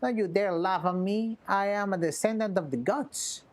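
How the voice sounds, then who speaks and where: A woman's voice: medium pitch, normal speed, close to an everyday voice. A woman voicing a pompous self-styled nobleman in his thirties, reading game dialogue in a haughty, archaic way. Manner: haughty, archaic, grandiose phrasing.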